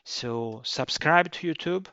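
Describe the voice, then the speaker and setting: A man's voice: a little high, animated, bright, forceful tone, no echo. Man teaching. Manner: non-native phrasing with frequent fillers and restarts; says he tries to speak slowly and clearly. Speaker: course instructor. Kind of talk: course introduction lecture. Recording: dry, dull lo-fi recording.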